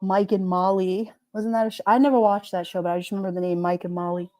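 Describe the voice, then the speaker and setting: A woman's voice: medium pitch, steady tone, fast talker, darkish tone, no echo. Woman, live stream host, casual rambling chat, giggly, dry recording.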